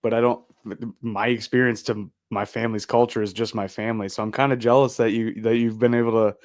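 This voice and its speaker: A man's voice: medium pitch, level tone, a little fast. A man hosting a casual podcast chat, asking short follow-up questions. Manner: laid-back, asks short follow-up questions.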